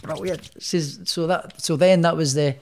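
A man's voice: fairly high pitch, fairly even intonation, moderate pace, darkish tone, a little hiss or hum. Man, Scottish accent, podcast guest, casual storytelling, rambling, frequent restarts. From Scotland. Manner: rambling, many restarts and fillers, self-deprecating. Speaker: guest, professional boxer.

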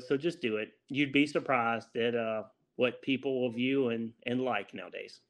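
A laid-back man with a Louisiana accent, a guest in a relaxed interview. He chuckles often and pokes fun at himself, his voice sitting at an ordinary middle pitch. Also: moderate pace. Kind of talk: casual interview chat.

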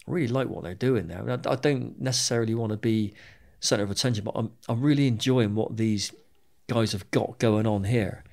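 A man's voice: fairly low pitch, gravelly. A British man and former soldier, telling his own story in an interview, candid and plain-spoken, with frequent swearing and repeated words. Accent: British English.

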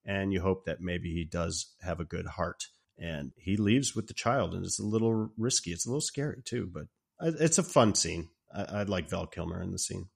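A man casually recapping a fantasy film scene, retelling it in an animated way and acting out the lines. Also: low-pitched, normal speed, vocal fry, husky. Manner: animated storytelling, acting out quotes. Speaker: podcast co-host.

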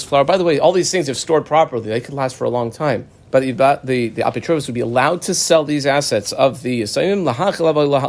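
Conversational man teaching a Talmud class. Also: medium pitch. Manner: explanatory, conversational, mixes Hebrew terms with quick asides.

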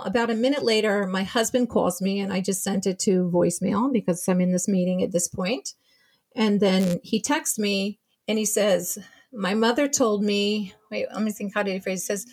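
A woman's voice: medium pitch, moderate pace. Shaken woman recounting a tragedy. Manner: retelling events with quoted dialogue, shaken. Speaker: guest, bereaved mother. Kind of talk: emotional personal account.

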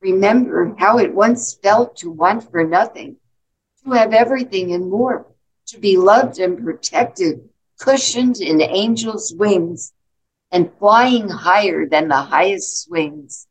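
A woman voicing a kind male train conductor in a poem she reads aloud, speaking gently and comfortingly. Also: mid-range voice, takes it slowly, husky, low-quality recording.

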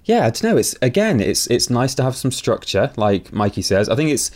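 A man's voice: medium pitch, sing-song, brisk, darkish tone. A man co-hosting a podcast, talking casually with many ums and restarts. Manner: hesitant, lots of ums and restarts. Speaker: podcast co-host. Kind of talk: casual chat.

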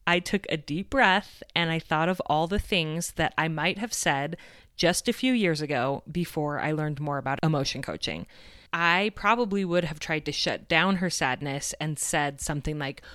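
Low, smooth-voiced woman podcast host. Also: moderate pace, fairly bright tone, no echo, clean studio sound. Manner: candid and earnest, openly reflective. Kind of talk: personal storytelling monologue.

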